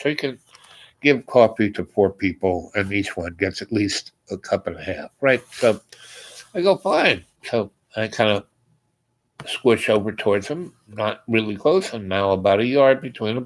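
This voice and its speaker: A man hosting a show, telling a long personal story in a meandering, halting way and acting out the dialogue. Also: lowish voice, rough recording. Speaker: host.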